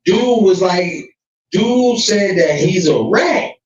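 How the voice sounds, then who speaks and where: A man's voice: high voice, animated, takes it slowly. A man co-hosting a casual podcast, talking bluntly in heavy street slang. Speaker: podcast co-host. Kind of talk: casual chat. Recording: echoey, distant, dull lo-fi sound.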